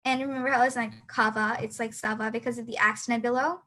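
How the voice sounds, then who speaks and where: A woman's voice: on the high side, fairly even intonation, quick pace, sharp tone, low-quality recording. A teenage girl teaching a beginner lesson over a video call, hesitant with many fillers and restarts. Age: teens. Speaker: student teacher. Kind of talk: online class lesson.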